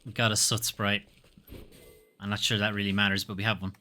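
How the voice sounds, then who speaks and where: Bright-voiced man streaming a game. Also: on the low side, little pitch movement, a little fast. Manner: wry, swearing casually. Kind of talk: casual game commentary and reading game text.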